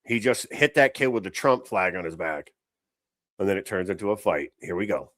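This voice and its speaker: A man's voice: deep voice, lively intonation, normal speed, noisy background. A man hosting a show, giving a blunt, profane running commentary on video clips. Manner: blunt, swearing, fired up. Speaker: show host reacting to clips.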